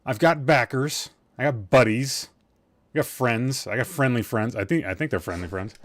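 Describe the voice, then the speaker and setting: A man's voice: mid-range voice, normal speed, a little hiss or hum. Rambling, loopy male gaming-stream host. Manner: rambling, jokey, self-deprecating, swears casually. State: tired, a bit loopy. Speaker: podcast host. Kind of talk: casual gaming livestream chat.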